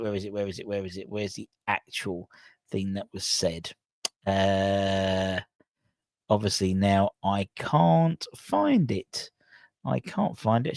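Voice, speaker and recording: A man's voice: medium pitch, dry recording. A man hosting a fan news channel, rambling and correcting himself as he thinks aloud. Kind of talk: casual news vlog.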